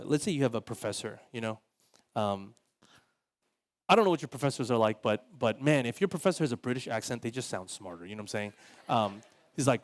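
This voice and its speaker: A male pastor delivers his sermon like a casual chat. His voice sits at a middle pitch, and his talk is full of filler words. He livens up whenever he acts out the people he quotes. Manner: casual, conversational, heavy use of "like" fillers.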